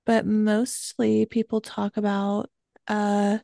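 A woman's voice: medium pitch, completely flat delivery, slow pace, creaky, mellow, no room sound, clean studio sound. A woman who grew up in Georgia and southern Maryland, co-hosting a podcast with playful, joking banter. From Georgia and southern Maryland, USA. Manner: playful, jokey, presents the research. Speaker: podcast co-host. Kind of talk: casual chat.

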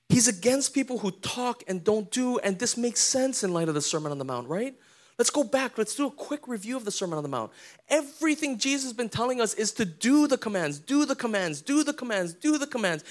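A man preaching a sermon as pastor, in a casual, conversational way with slangy asides, often putting questions to the congregation. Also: extremely high pitch.

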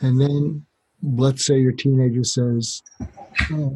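A man speaking as a doctor guest on a podcast interview, explaining calmly and acting out short exchanges to demonstrate. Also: mid-range voice, slow pace, slightly rough, rough recording. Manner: calm, explanatory, demonstrates dialogue.

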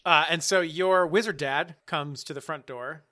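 A man running a tabletop game as game master, narrating in a relaxed, chatty way. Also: on the high side, normal speed.

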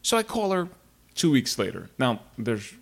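A man's voice: medium pitch, very animated, normal speed, vocal fry, slightly rough. A man telling a personal story in a casual, rambling monologue to his viewers. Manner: rambling, digressive, frank.

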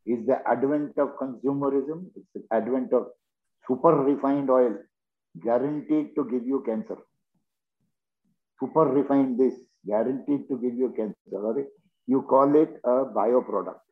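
A man talks in short, earnest phrases, urging his point. His voice comes through a thin, phone-like line with a middling pitch. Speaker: interview guest. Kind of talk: earnest conversational storytelling. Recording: tinny phone-like call audio.

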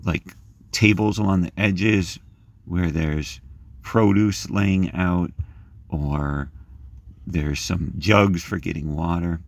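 Deep-voiced man leading guided meditation. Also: takes it slowly, no echo. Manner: gentle, imaginative, rises in pitch when reading scripture. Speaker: prayer leader.

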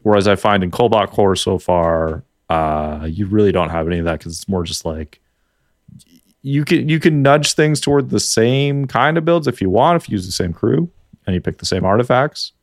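A Canadian podcast co-host with a Canadian accent chats casually about video games, rambling and restarting his sentences. His voice is on the low side with lively intonation, and he talks at a moderate pace. The sound is clean studio quality with no room sound.

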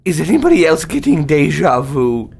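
A man's voice: fairly high pitch, big pitch swings, moderate pace, creaky, darkish tone, breathy edge. A man playing a tabletop game, making dry quips. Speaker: player. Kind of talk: casual tabletop role-play.

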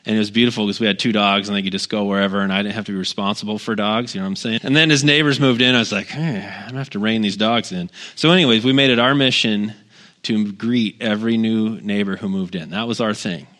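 A middle-aged pastor giving a casual, conversational sermon, telling personal stories with wry humor and lots of asides. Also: male voice, lowish voice, fast talker, sharp tone.

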